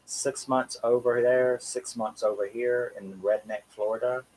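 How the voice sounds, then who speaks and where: A man's voice: mid-range voice, steady tone, unhurried, darkish tone, low-quality recording. A man in his thirties from England with a Cockney accent, hosting a casual live-stream chat in a rambling, chatty way and chuckling often. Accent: Cockney English. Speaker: horror channel host.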